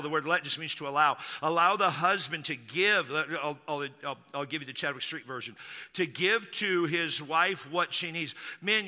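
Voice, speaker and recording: A man from Texas preaching a sermon as pastor, emphatic, slowing down to repeat key lines and throwing in mocking asides. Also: fairly high pitch, pushed and bright, in a large hall.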